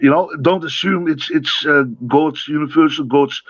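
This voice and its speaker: A man's voice: fairly high pitch, fairly even intonation, moderate pace, no echo, highs cut off. A man in a heated casual debate on a live online panel, defensive, repeating himself and stumbling over restarts. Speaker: panel guest. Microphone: online call.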